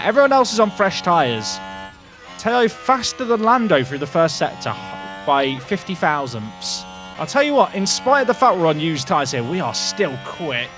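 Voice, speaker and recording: Young male streamer, high-ish and very lively delivery, excitable running commentary over faint game music. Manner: excitable, chatty, talks to chat. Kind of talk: live gameplay commentary.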